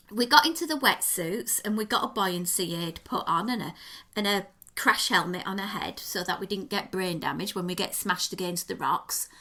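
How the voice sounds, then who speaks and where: A woman co-hosting a podcast, telling a story in a lively, expressive way. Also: medium pitch. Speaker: podcast co-host. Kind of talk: casual chat.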